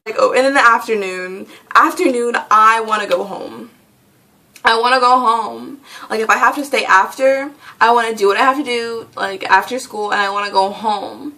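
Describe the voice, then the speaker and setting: A woman's voice: fairly high pitch, normal speed, sharp tone. A teenage girl ranting casually in a vlog, rambling and exasperated, often laughing. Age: teens. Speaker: vlogger.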